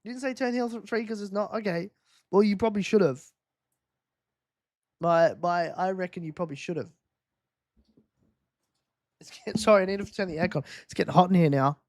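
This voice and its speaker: A man's voice: sits high, no room sound, clean studio sound. A man hosting a live race-watch quiz stream, teasing viewers in casual chat.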